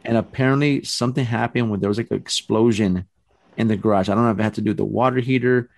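A middle-aged man casually telling a story, animated and rambling, with restarts and acted-out quotes. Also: lowish voice, fast, creaky, no echo.

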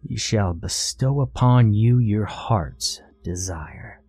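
A man voicing a formal, measured male servant of a sinister king, speaking in a pompous, courtly way. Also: on the low side, a little mellow, no room sound. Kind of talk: storytelling.

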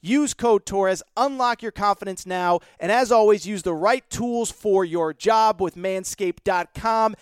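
High, smooth-voiced man hyping a sponsor. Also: measured pace, hardly any pauses, dry recording, studio quality. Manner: hyped, joking salesman patter. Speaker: podcast host. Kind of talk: host-read sponsor ad.

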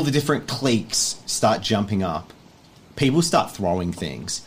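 A man narrating a tabletop game as game master, in an animated, chatty way full of filler words. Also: fairly low pitch, normal speed, slightly rough.

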